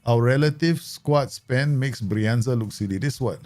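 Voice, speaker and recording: A man's voice: medium pitch, a little slow, darkish tone. A man chatting casually through a live stream of a football management game, laughing often and making playful asides.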